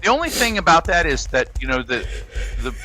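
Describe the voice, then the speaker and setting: A man's voice: a little high, big pitch swings, fairly quick, bright, forceful tone, a little hiss or hum, low-quality recording. A man co-hosting a podcast in casual chat, rambling and joking with lots of fillers and restarts. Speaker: podcast co-host.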